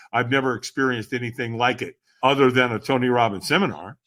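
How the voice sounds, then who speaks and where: A man's voice: medium pitch, a bit bright. A middle-aged man telling a personal story as a podcast guest, enthusiastic and acting out the lines he quotes. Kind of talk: animated storytelling.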